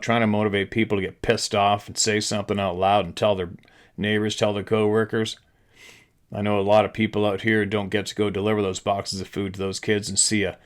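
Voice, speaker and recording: A middle-aged man from Canada, hosting his channel, delivering a frustrated, profane ranting monologue. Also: on the low side. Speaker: channel host.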